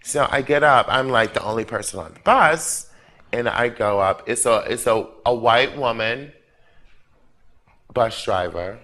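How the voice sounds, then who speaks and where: A man's voice: medium pitch, a little slow, pushed and bright. A man hosting a drag talk show, telling a comic story in a theatrical way with laughing asides.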